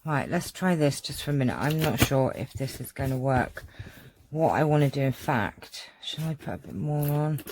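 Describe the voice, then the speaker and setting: A low-pitched woman talks through a craft project at home, gushing and rambling as she goes. Her tone is casual and chatty, and a faint hiss sits under the recording. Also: animated, normal speed. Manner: warm-hearted, gushing, rambling. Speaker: crafting vlogger.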